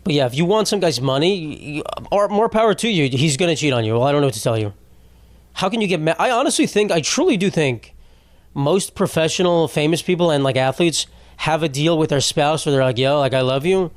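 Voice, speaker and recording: A man's voice: a little high, expressive, fairly quick, no room sound. A young man hosting a podcast, delivering a rambling, profane comedic monologue that keeps cutting itself off mid-thought. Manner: profane, rambling, self-interrupting. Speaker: podcast host.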